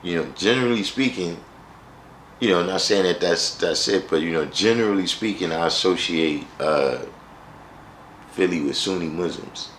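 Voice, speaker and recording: A man's voice: low voice, moderate pace, fairly bright tone, echoey room, a little hiss or hum, poor audio. A man hosting a live stream, chatting casually with viewers in a wry, joking way and often repeating himself.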